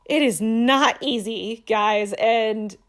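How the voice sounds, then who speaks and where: A woman's voice: a little high, slow pace. A woman in her thirties, a coach, telling a personal story to her viewers in an earnest, assertive way. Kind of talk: casual motivational talk to camera.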